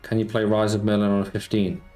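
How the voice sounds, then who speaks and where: A man's voice: on the low side, monotone, fast talker, darkish tone. Chatty man streaming slots with roomy echo. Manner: chatty, reads chat aloud and answers viewers, says mate a lot. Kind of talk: casual live-stream chat. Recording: roomy echo with music behind.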